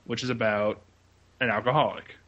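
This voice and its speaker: A man co-hosts a relaxed film podcast. He talks at length and keeps stopping on "uh" and "um" as he gathers his thoughts. He sounds like a regular on the show. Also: mid-range voice, normal speed, lo-fi sound. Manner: rambling, many "uh" and "um" fillers. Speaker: podcast co-host. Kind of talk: casual film podcast chat.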